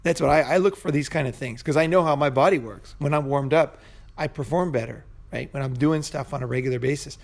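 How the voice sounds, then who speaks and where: A man with a gravelly, middle-pitched voice talks straight to camera in a loose, profane storytelling way. He rambles and restarts, peppering every thought with "you know" and "right?". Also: fairly quick. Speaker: vlogger. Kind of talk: casual storytelling monologue. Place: Bangkok.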